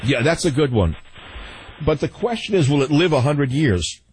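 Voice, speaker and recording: A man's voice: a little high, expressive, normal speed, darkish tone, husky, dry recording. An older man hosting a call-in radio talk show, blunt and sardonic, laughing often.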